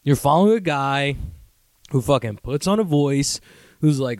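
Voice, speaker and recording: A young man hosting his own podcast, ranting in a profane, rambling, self-mocking way and sometimes doing mocking high voices. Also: expressive, a little slow, a little mellow, no echo, studio quality. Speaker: podcast host. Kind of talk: casual solo podcast rant.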